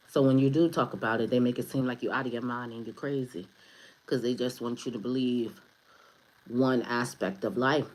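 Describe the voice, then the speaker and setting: A woman's voice: very deep voice, rough recording. A woman giving a casual spiritual tarot reading to her viewers, rambling loosely, swearing freely and joking as she goes. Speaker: spiritual advisor, tarot reader.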